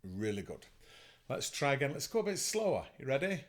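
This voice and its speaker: A man's voice: mid-range voice, very animated, a little fast, heavy background noise. A man teaching an online music lesson to children, upbeat and encouraging as he counts them in. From England.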